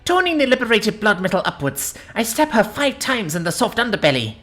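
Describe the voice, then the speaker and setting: A woman reading a first-person science-fiction story aloud in an expressive, dramatic narration. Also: mid-range voice, a little fast, faint music behind.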